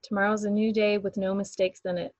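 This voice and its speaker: A woman's voice: medium pitch, level tone, a little fast, a little mellow, no echo, dull audio. A woman co-hosting a casual chat, speaking reflectively and laughing often.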